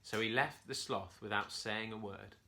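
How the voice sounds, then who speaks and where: A man's voice: fairly low pitch, normal speed, vocal fry, sharp tone, slight background noise. A man from a church, reading a bedtime story expressively to children.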